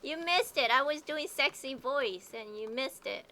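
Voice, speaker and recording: A woman's voice: high voice, animated, a little slow, sharp tone. A woman streaming a survival game, chatting playfully and laughing with her teammate. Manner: playful, giggly. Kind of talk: casual gaming chat.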